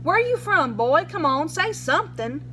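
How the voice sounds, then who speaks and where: Storybook read-aloud: a woman voicing a gruff, accusing male sheriff, high-pitched. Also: big pitch swings, moderate pace, sharp tone, a little hiss or hum, exaggerated voice. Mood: pressing. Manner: blunt, accusing, pushy questions. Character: gruff suspicious male small-town sheriff.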